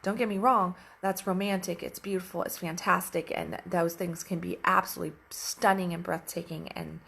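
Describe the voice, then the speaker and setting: A woman relationship coach telling a story in casual coaching talk, animated and emphatic, with lots of repetition. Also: lowish voice, gravelly, husky.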